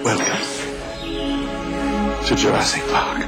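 A man's voice: slow, natural voice. An actor playing a proud elderly man showing off his park, in a showman-like manner, from a film clip. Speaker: film character in trailer. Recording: film clip with loud music.

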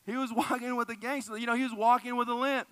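A man preaching a sermon, emphatic and repeating phrases for effect, often dropping low and soft. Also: fairly even intonation, fast, smooth, no room sound. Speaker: pastor.

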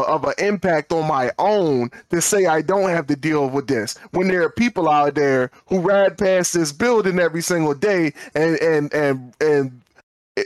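Animated man telling a story on a podcast. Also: fairly high pitch, no echo. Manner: animated storyteller, acts out quoted dialogue, repeats words when fired up. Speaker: podcast co-host. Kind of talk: casual storytelling chat.

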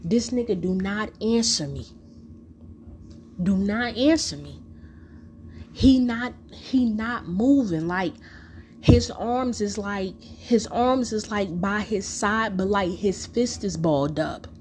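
A woman's voice: mid-range voice, expressive, slow, darkish tone, a little hiss or hum. A woman telling a personal story in a casual, profane monologue full of fillers.

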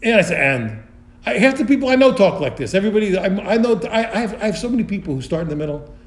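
Animated male teacher in a roomy space. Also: high voice, quick pace. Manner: thinking aloud, many restarts, animated. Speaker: Torah teacher. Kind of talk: text study lesson.

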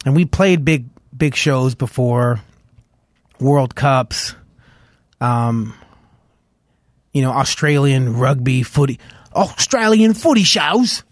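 A man from Los Angeles talks as a guest in an interview at a mid-range pitch. He tells stories in an animated, loose way, full of "like"s. His voice sits close and dry on a studio mic. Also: slow pace, long pauses, no echo. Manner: animated storyteller, heavy on "like", hums tunes aloud. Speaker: guest musician. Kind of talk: casual interview chat.

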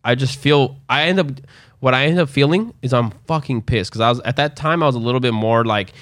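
A young man tells a rambling story in a loose, profane, animated way. His voice sits mid-range, and the close mic makes it sound dry and near. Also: mid-range voice, brisk, dry recording. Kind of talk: casual storytelling chat.

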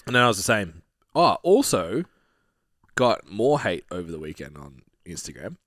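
A man co-hosting a podcast in casual chat, wry and quick to laugh, with casual swearing. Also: deep voice, sing-song, a bit bright, dry recording, clean studio sound. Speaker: podcast co-host.

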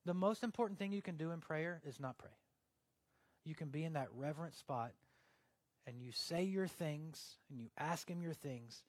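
A man preaching a sermon in a conversational way, swinging from loud emphasis down to a hushed, near-whispered delivery. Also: on the high side, normal speed, no echo. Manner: conversational, with fillers like "like" and "uh". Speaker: pastor.

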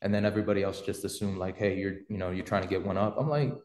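A man's voice: deep voice, level tone, very fast, darkish tone, slight background noise. Slangy man telling stories in a roomy space. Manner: slangy, rambling storyteller with many fillers. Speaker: podcast host. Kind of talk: casual storytelling chat.

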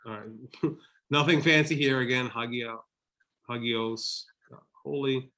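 A man's voice: mid-range voice, steady tone, a little slow, bright, forceful tone. A man co-hosting a casual Bible study chat, playfully thinking aloud as he works through Greek words. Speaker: podcast co-host.

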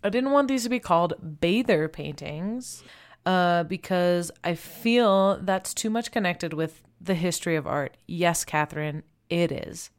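A woman's voice: fairly low pitch, expressive, unhurried. A woman presenting art in casual chat, chatty, laughing often and saying "like" a lot.

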